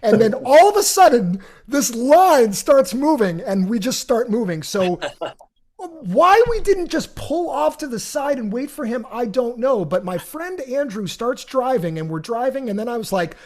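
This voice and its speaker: A middle-aged man hosting a podcast, telling a long personal story in an animated, rambling way with many restarts. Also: extremely high pitch, a little slow. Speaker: podcast host. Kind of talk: casual storytelling.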